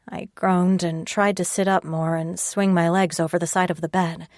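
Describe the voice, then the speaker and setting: A woman reading a first-person audiobook in a calm, measured way on a close mic. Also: fairly low pitch, no room sound. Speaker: audiobook narrator. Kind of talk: scripted first-person narration.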